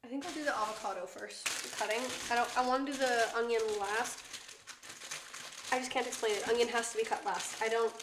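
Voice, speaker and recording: A woman's voice: fairly high pitch, fairly even intonation, brisk, noisy background. A young woman chatting casually while she cooks on a stream, laughing often and swearing freely. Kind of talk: casual chat while cooking. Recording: echoey room.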